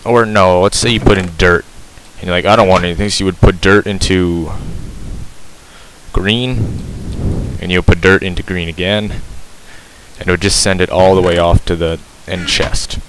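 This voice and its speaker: A man's voice: deep voice, fairly even intonation, unhurried, fairly bright tone, a little hiss or hum, poor audio. A man giving a casual game tutorial, rambling and correcting himself with lots of ums, breathing heavily into a cheap mic held very close to his mouth.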